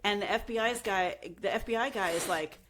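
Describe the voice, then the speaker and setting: A woman's voice: medium pitch, brisk, fairly bright tone, a little hiss or hum. A young adult woman co-hosting a podcast, casually retelling a true crime story and acting out the quotes. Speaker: podcast co-host.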